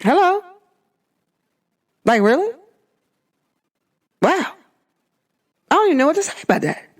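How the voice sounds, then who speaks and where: A woman's voice: sits high, very animated, unhurried. A woman hosting her own podcast, talking in a casual, emphatic monologue full of rhetorical questions. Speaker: podcast host.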